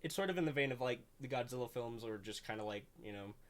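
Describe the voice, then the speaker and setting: A man's voice: mid-range voice, lively intonation, fast. A young man hosting a casual chat, rambling with lots of fillers and the odd curse. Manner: rambling, full of "like" fillers and swearing. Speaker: host.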